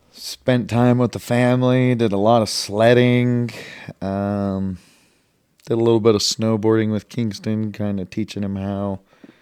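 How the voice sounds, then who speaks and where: A man's voice: fairly low pitch, a little mellow, smooth, no echo. A man co-hosting a podcast, chatting in a laid-back, self-deprecating way and asking his co-host questions. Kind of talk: casual chat.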